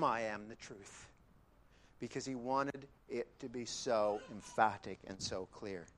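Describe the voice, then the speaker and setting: A man preaching a sermon, emphatic, dropping to quiet repetitions and then rising loud, with chatty asides to the congregation. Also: medium pitch. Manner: conversational asides.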